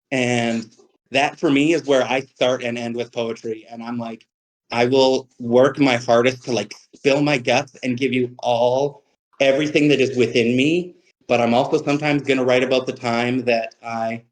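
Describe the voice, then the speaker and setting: A man's voice: mid-range voice, steady tone, moderate pace, poor audio. Man, poet on a livestream, rambling, profane, self-mocking, webcam mic. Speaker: poet giving a reading. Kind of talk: casual livestream talk about poetry.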